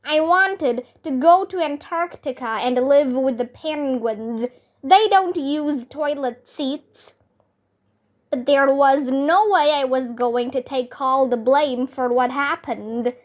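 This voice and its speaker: A woman reading a children's chapter book aloud, clear and deliberate. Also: high voice. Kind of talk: storybook read-aloud.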